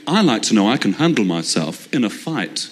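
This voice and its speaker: An English man voicing a pompous, muscle-bound male personal trainer in a low, smug, slow voice. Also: very animated.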